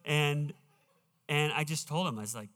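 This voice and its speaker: A man preaching in a church sanctuary, his somewhat high voice carrying a long reverb tail through the hall. He talks earnestly and stretches out his scripture readings slowly and with weight. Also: fairly bright tone. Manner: earnest, slows down to read scripture emphatically. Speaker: pastor. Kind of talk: sermon.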